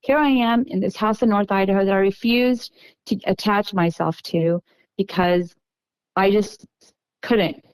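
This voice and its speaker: A middle-aged woman from Texas, a podcast guest, recounting a personal story in an unhurried, halting way with frequent restarts. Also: mid-range voice, fairly even intonation, clean tone, no echo, rough recording.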